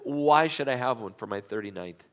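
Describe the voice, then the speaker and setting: A man's voice: medium pitch, expressive, normal speed, fairly bright tone. A pastor voicing a hurt woman in a sermon story, pleading and defensive with her friend. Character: hurt woman about to turn thirty-nine, pleading.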